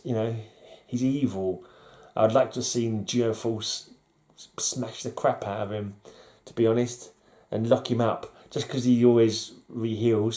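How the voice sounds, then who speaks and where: A man's voice: mid-range voice, mellow. A man, chatting casually and bluntly in a rambling vlog, with frequent fillers and restarts. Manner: rambling, blunt, self-interrupting with fillers and laughs. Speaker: vlogger. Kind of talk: casual chat.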